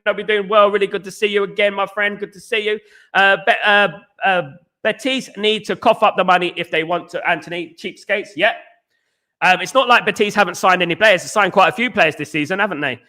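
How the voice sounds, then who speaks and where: A man's voice: high-pitched, bright, forceful tone. A middle-aged man from East London with a Cockney accent, hosting a rambling live football chat and reading out viewer comments. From East London, England. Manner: rambling, repeats himself, reads out viewer comments. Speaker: podcast host. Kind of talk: casual live-stream chat.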